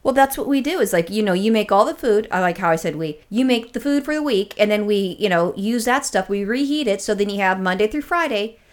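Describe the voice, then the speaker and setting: A woman's voice: mid-range voice, fairly quick, few pauses. A woman from California co-hosting a podcast, telling stories in casual, profane chat. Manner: profane, animated storytelling. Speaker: podcast co-host.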